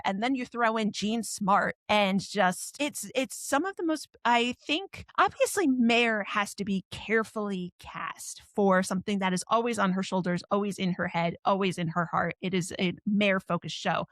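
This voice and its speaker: A woman's voice: mid-range voice, normal speed, no room sound. Woman, podcast host, casual discussion, emphatic, opinionated, dry close mic. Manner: emphatic, opinionated, thinks aloud.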